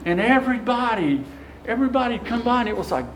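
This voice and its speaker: A man's voice: very high voice, fast, slight background noise, rough recording. A middle-aged man, a deacon telling a folksy story to a parish and acting out the quotes. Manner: folksy, animated storyteller who acts out quotes. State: tearful at times. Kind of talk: storytelling talk to a parish audience.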